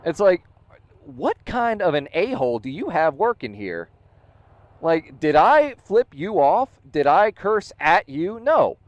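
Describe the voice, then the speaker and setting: Speaking slowly with big pitch swings, a man with a voice on the high side tells the story of his motorcycle troubles in a casual vlog. He sounds exasperated and quotes dialogue, and the audio is dull with no echo.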